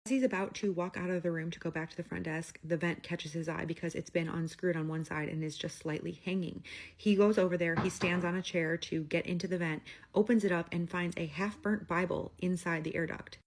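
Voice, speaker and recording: A woman's voice: lowish voice, steady tone, fairly quick. A woman telling a creepy hotel story in a casual, chatty way, acting out the people's lines with lots of fillers. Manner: chatty retelling with quoted voices and "like" fillers.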